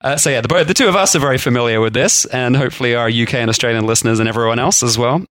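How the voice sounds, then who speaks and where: A man's voice: medium pitch, rapid-fire, fairly bright tone, no echo. A man co-hosting a podcast in casual chat, rambling and laughing often. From England. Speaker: podcast co-host.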